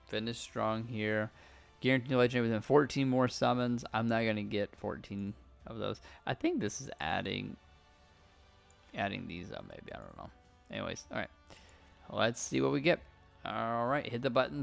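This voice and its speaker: A man's voice: lowish voice, expressive, a little slow, gravelly, pauses often, faint music behind. A man casually commenting on a game as he plays, thinking aloud and reading out item stats. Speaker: gaming channel host.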